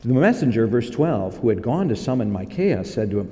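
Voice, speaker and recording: Animated preacher in an echoing hall. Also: male voice, mid-range voice. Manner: animated and conversational, with quick voice changes as he acts out scripture. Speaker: pastor. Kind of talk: sermon.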